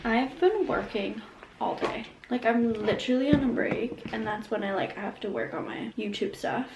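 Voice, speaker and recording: A woman's voice: fairly high pitch, lively intonation, normal speed, heavy background noise. A young woman in her twenties chatting casually to camera about books in a reading vlog, full of fillers and self-deprecating asides, filmed at home. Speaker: book vlogger. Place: bedroom at home. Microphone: phone camera.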